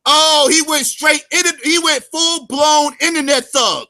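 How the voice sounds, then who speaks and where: A man telling a story as a commentator, cursing heavily, calling his viewers family, and swinging between loud outbursts and low mutters. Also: steady tone, unhurried. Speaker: YouTube commentator.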